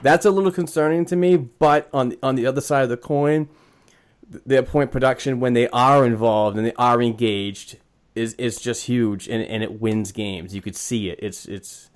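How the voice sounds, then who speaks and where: A man co-hosting a casual sports podcast, eager and chatty as he reads out numbers, stumbling and restarting along the way. His voice sits at an ordinary middle pitch. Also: fairly even intonation. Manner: enthusiastic, reads out stats with halting restarts. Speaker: podcast co-host. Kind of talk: casual hockey chat.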